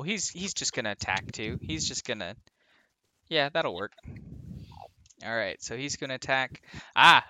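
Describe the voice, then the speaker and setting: A man's voice: mid-range voice, clear, resonant tone, no echo. A man running a tabletop game as game master, narrating the action loosely with plenty of fillers and frequent laughter. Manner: laughs often, relaxed with many fillers.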